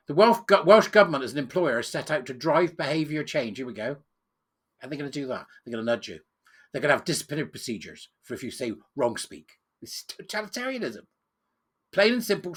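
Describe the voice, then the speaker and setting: Scornful man with a bright husky voice. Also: mid-range voice, sing-song, a little fast. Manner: sarcastic, scornful and emphatic. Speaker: political commentator. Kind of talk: reading news and ranting commentary.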